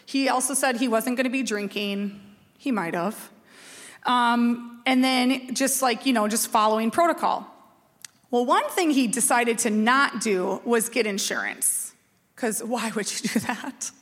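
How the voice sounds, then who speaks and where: A woman in her forties from Minnesota, a pastor telling a personal story in a lively, chatty, self-mocking sermon. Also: fairly high pitch, measured pace. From Minnesota, USA. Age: 40s. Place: church sanctuary. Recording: long reverb of a church hall.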